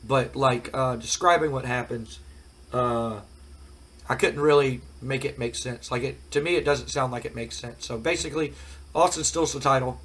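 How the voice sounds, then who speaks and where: A gaming channel host recaps a wrestling sim game in a rambling, casual let's-play commentary full of fillers, his voice cracking from a cold. He speaks at medium pitch and normal speed, with a slightly bright tone.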